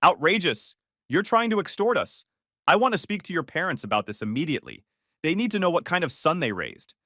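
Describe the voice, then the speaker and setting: A woman's voice: fairly low pitch, sing-song, brisk, a bit bright, dry recording, clean studio sound, voice pushed up. A man voicing a judgmental middle-aged mother with a fake-sweet, scolding manner. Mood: outraged.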